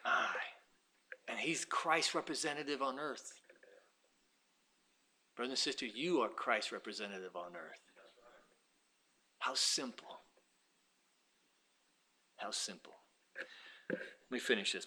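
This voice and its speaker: A man preaching a sermon, dropping to quiet asides and rising to loud, impassioned passages, acting out pleading voices in dialogue. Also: slow pace, pauses often. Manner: swings from low asides to loud shouted preaching.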